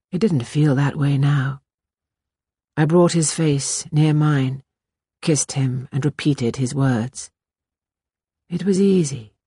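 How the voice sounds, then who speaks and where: Breathy woman reading a novel aloud. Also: low voice, darkish tone, dry recording, studio quality. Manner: measured, intimate first-person reading. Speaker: audiobook narrator. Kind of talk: scripted narration.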